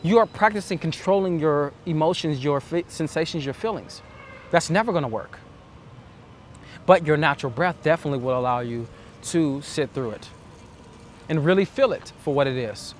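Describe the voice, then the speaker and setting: This man's voice is a little high and expressive, at a moderate pace, with slight hiss or hum. Coaching on dating in an earnest, reflective instructional monologue, he voices the self-talk he's describing.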